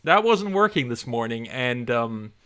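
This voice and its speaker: A man's voice: medium pitch, very animated, unhurried, pushed and bright, smooth, no echo, clean studio sound. A man hosting a live stream, chatting casually and rambling with self-deprecating humor to his viewers. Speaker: livestream host.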